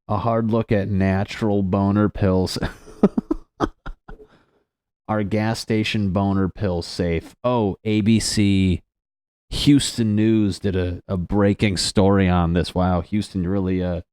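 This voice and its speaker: Young male podcast host, low voice, dry close sound, rambling swearing comic riffs. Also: fairly even intonation, slow, a little mellow, clear, resonant tone, no room sound. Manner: rambling, profane, laughs at own jokes. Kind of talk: solo comedic podcast rant.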